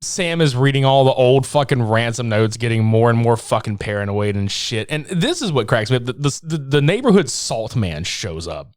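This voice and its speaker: A man chatting on a podcast about a film, swinging his pitch widely as he tells the story. He swears freely and laughs often, and he slips into little voices for quoted lines. The sound is dry and close. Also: sing-song, normal speed, few pauses, no room sound. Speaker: podcast co-host. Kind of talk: casual movie review chat.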